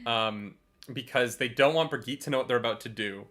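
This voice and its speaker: A book club podcast co-host chatting casually on a livestream, animated and swearing freely. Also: medium pitch, a little fast.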